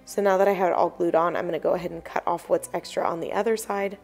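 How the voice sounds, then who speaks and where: A young woman narrates a do-it-yourself tutorial in a friendly, explanatory voice-over. Her voice is a bit low and croaky, as if recorded early in the morning. Soft music plays faintly beneath her. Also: steady tone, quick pace. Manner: chatty, explanatory, apologetic asides. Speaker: DIY crafts channel host.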